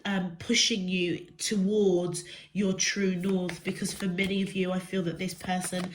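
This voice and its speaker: A woman's voice: on the low side, little pitch movement, unhurried, rough recording. A woman with a stuffy, congested nose, giving a rambling, casual tarot reading to camera and often checking in with the listener. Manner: rambling, checks in with the viewer often ("okay?", "yeah?"). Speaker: tarot reader.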